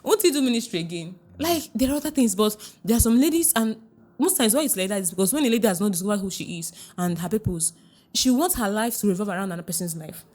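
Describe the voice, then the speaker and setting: A woman relationship coach giving advice in a podcast interview, earnest and emphatic, repeating her key phrases and quoting others in a hushed voice. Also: mid-range voice, fast talker.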